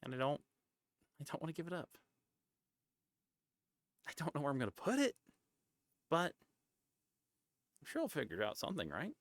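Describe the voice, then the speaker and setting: A male streamer chats in a rambling, gravelly voice that swings widely in pitch. He keeps cutting himself off, slips now and then into hushed asides, and the sound is close and dry. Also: wildly swooping pitch, normal speed, long pauses, no echo. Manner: rambling, self-interrupting and chatty. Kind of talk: casual chat.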